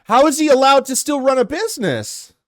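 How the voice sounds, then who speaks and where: A young man rants through reaction commentary, exasperated and swearing as he goes. His voice sits high for a man. The sound is dry and close, with no room around it. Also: animated, brisk, dry recording. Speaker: commentary host.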